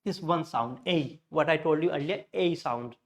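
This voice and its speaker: A man whose voice is a little high speaks at normal speed while teaching an English pronunciation class. He explains step by step, adds Hindi glosses, and corrects himself throughout the lesson.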